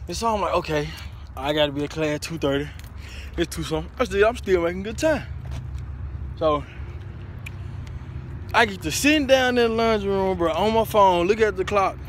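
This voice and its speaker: A young man, a college student, chatting casually to the camera, slangy and animated, swearing and then saying sorry. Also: high-pitched, moderate pace, long pauses, a little hiss or hum. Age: young adult.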